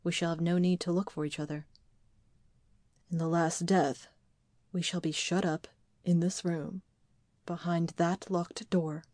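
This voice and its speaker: A woman's voice: lowish voice, a little mellow, no echo, natural voice. A woman reading a bitter damned lover. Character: man named Oscar, a damned lover, bitter and grim. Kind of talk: audiobook dialogue.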